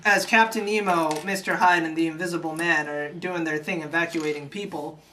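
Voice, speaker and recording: An irreverent comic storyteller recaps a film in a loose, chatty way, swearing freely and tossing in jokey asides. The voice sits at a plain middle pitch. A faint hiss and occasional clicks sit under the recording. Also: fairly even intonation, normal speed, pushed and bright, distant mic, rough recording. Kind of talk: casual comedic film recap.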